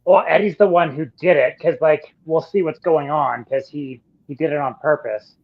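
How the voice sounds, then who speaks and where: A man joining a live review panel as a guest, chiming in casually and agreeing quickly. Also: a little high, vocal fry, dull audio. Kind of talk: casual chat.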